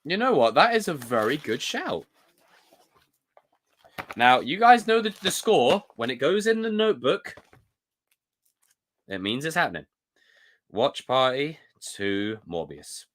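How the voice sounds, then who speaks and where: A young British man hosting a casual live stream, reading viewer comments and reacting in a jokey, animated way. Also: mid-range voice. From United Kingdom. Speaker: livestream host.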